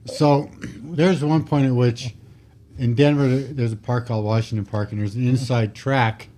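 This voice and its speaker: A retired police officer tells stories on a podcast microphone in a mid-range voice at normal speed. He's animated, acts out what people said, and describes himself as particular.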